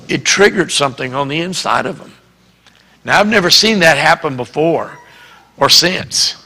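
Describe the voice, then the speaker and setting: Slow gravelly Southern preacher. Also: male voice, on the high side, bright, forceful tone. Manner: storytelling with acted-out dialogue. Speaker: pastor. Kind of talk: sermon. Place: church sanctuary. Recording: reverberant church hall.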